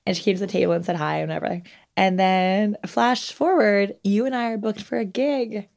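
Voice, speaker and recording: A woman's voice: medium pitch, moderate pace, vocal fry, a little mellow. A young woman co-hosting a podcast, telling stories in casual chat, laughing often and swearing freely. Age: young adult. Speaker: podcast co-host.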